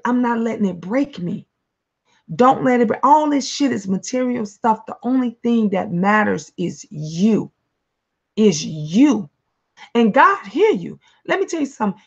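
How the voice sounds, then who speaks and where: A woman's voice: on the high side, a bit bright, muffled recording. A woman who is a mother, hosting a live online talk stream, answering viewers with blunt, profane, preachy encouragement. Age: adult, a mother.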